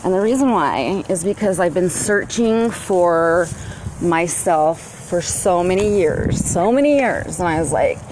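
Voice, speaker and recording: A woman talking to camera at home in a meandering way, with drawn-out words and many fillers. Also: fairly low pitch, animated, noisy background. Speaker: vlogger. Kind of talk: rambling casual monologue. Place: at home, walking into her garage with dogs barking nearby.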